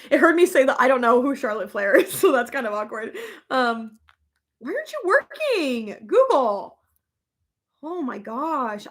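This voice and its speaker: Chatty young woman vlogger, slightly high. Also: fairly bright tone. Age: young adult. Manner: chatty, emotional, laughs often, many fillers. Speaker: vlogger reading live chat. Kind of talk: casual chat.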